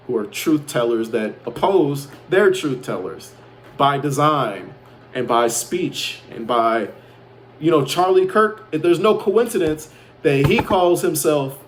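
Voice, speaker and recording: A man's voice: a little high, slight background noise. A man from Chicago boasting and ranting in a rambling casual monologue, swearing freely. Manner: boastful, profane, defiant. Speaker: self-proclaimed prophet vlogger.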